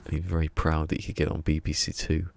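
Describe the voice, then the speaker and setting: A man's voice: extremely low pitch, completely flat delivery, fast, creaky, slight background noise. A man chatting casually while streaming a game, rambling and chuckling as he talks to himself. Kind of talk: casual gaming stream chat. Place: home room.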